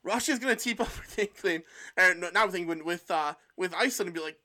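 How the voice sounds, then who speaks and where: A man's voice: high-pitched, fast talker, sharp tone. A man co-hosting a podcast, joking and laughing through casual banter with crude words. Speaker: podcast co-host.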